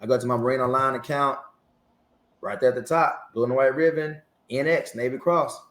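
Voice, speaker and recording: There's a roomy echo as a man in his forties, a Marine veteran, tells a story during an interview. A lively storyteller, he acts out the back-and-forth, speaking in a mid-range voice at a moderate pace.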